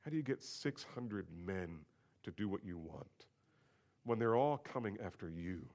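A man preaching an expository sermon as pastor, moving between quiet asides and rising, emphatic declarations. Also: lowish voice, lively intonation, moderate pace.

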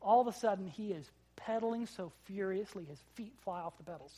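A man in his thirties preaching a sermon, telling a family story with big swings from hushed to loud. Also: high-pitched, fairly quick. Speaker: pastor.

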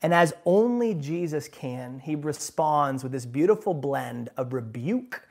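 A man preaching a sermon with lively, emphatic delivery, moving from hushed asides to loud, driving lines. He talks to the congregation like a friend and keeps asking them to agree. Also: a little high, unhurried, vocal fry. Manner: animated and emphatic, swinging from quiet asides to loud bursts; conversational, asks the congregation "right?". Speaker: pastor.

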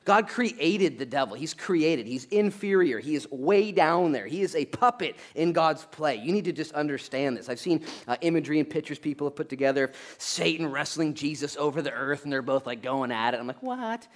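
Man, pastor, conversational sermon, a bit high-pitched, animated, joking, emphatic. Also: a little fast, hardly any pauses. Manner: animated and joking, with sudden loud acted-out asides; emphatic, repeats his points with "okay?".

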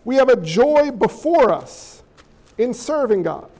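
A male pastor preaching an animated sermon, throwing rhetorical questions at the congregation and slipping in joking asides. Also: very high-pitched, takes it slowly.

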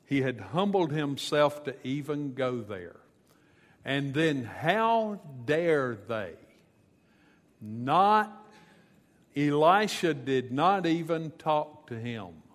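A pastor delivers a sermon at an unhurried pace, telling a scripture story with casual asides. His voice sits a bit high for a man. The sound carries a long reverb, as from a large hall. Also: lively intonation.

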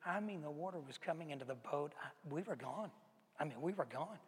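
A man voicing the hot-tempered fisherman apostle Peter in a dramatic first-person sermon monologue, swinging between loud outbursts and hushed whispers. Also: on the high side, expressive, brisk, breathy edge, in a large hall, pitched below the performer's own voice. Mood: agitated.

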